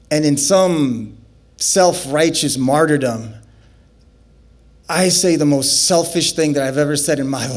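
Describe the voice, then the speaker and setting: A man telling a comic story live on a festival stage, animated and acting out the scenes. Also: on the high side.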